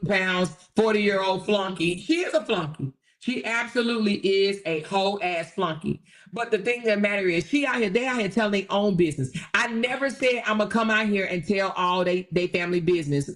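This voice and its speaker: A woman hosting a livestream, ranting brashly and profanely to her chat and repeating lines for emphasis. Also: mid-range voice. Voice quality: brash, profane, sassy delivery. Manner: talks straight to chat, repeats phrases for emphasis. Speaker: livestream host. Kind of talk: casual livestream rant.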